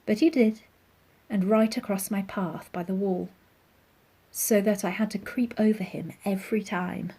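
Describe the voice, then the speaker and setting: A woman giving a dramatic first-person story reading, hushed and often slipping into a whisper. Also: mid-range voice, steady tone, measured pace, slight background noise. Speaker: audiobook reader.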